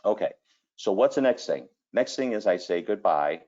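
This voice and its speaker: A kitchen designer talking through a screen-share presentation, telling folksy stories and filling gaps with 'okay' and 'you know'. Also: male voice, fairly low pitch, animated, normal speed, dark tone, highs cut off. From Cleveland area, Ohio.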